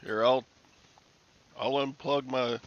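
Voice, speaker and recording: A man's voice: medium pitch, steady tone, slow pace, muffled recording. A man hosting a casual live stream about reselling, grumbling and joking dryly into a headset mic.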